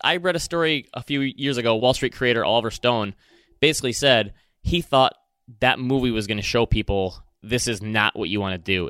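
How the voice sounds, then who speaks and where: A podcast co-host with a Michigan accent talks through his opinions in an easygoing, chatty way. His voice is bright and crisp. It is recorded close and dry, at a middle pitch for a man. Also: no echo. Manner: opinionated, chatty film talk. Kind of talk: casual chat.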